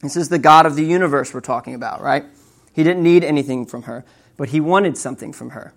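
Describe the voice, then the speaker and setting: A man's voice: fairly high pitch, quick pace, gravelly. A young man preaching a sermon in a conversational way, often checking in with the audience with "right?" and telling stories with animation. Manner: conversational, keeps asking "right?"; animated storytelling.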